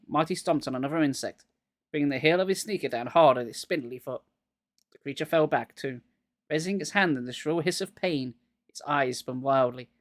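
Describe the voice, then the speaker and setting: A man's voice: on the high side, fairly bright tone, no room sound. Man with a cold reading aloud. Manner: wry, joking commentary between passages. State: getting over a cold, coughing. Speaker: reader of a children's horror book. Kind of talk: live book reading with jokey asides.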